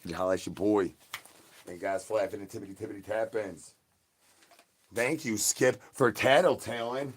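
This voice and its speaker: A man hosting a phone livestream in a crude, slang-heavy ramble, repeating rhyming catchphrases and swinging between loud bursts and low mutters. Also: steady tone, normal speed, long pauses, a little hiss or hum. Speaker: livestream host. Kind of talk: rambling live stream chat.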